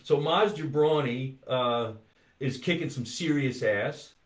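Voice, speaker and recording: Animated older male comedy podcast host. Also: medium pitch, slow pace, reverberant. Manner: animated storyteller, swears, does voices in anecdotes. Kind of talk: casual comedy chat.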